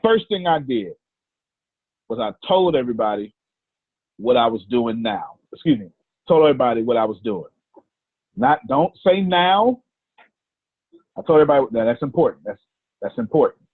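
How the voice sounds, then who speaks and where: Man, business coach, husky voice, phone-quality line, punchy repeats. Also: mid-range voice, moderate pace, long pauses, no echo. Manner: animated storytelling, repeats phrases for emphasis. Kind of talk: casual coaching talk.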